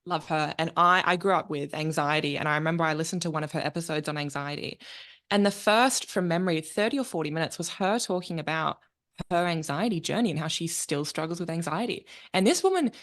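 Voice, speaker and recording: Candid, slightly low-voiced woman podcast host. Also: a little fast, a bit bright. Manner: candid, reflective, laughs easily. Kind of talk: casual interview chat.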